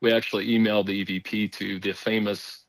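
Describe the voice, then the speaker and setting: A man's voice: lowish voice, fairly quick, no room sound, rough recording. Man rambling through a story, dry sound. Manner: rambling, animated, acts out quoted voices. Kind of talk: casual storytelling.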